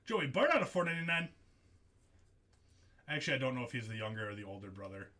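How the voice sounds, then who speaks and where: Excitable man hosting a live card break. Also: medium pitch, fast. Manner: excitable, jokey, laughs often. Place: studio.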